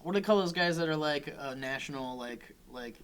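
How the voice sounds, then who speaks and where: A woman's voice: sits low, animated, brisk, a little hiss or hum. A woman co-hosting a casual panel chat, playful and often searching for words. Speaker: co-host.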